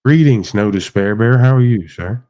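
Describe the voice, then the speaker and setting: A man's voice: on the low side, lively intonation, normal speed, dark tone. A man hosting a livestream panel, ranting bluntly with lots of swearing and acting out quoted exchanges. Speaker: podcast host. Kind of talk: casual livestream rant.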